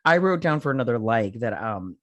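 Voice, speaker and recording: A man's voice: medium pitch, expressive, a little fast, slight background noise. A man co-hosting a casual movie review podcast, laid-back and drawling, swearing casually as he goes through his notes. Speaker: podcast co-host.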